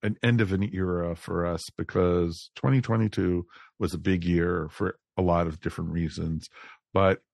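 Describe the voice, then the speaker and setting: A man's voice: low voice, steady tone, moderate pace, creaky, darkish tone, no echo, studio quality. A man hosting a podcast, chatting in an upbeat way with lots of fillers. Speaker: podcast host. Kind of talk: casual chat.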